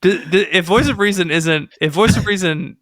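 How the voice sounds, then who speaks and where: A young man co-hosting a casual comedy podcast, joking and animated, laughing often. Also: sits high, moderate pace, dry recording, clean studio sound. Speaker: podcast co-host.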